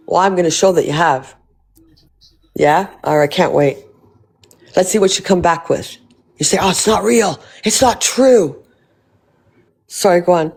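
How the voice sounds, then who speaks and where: A woman hosting a live stream, angrily confronting a guest with profanity. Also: lowish voice.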